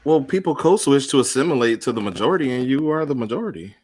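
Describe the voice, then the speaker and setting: A man's voice: mid-range voice, animated, fast talker. A man co-hosting a casual podcast, talking in a blunt, matter-of-fact way. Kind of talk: casual group podcast chat.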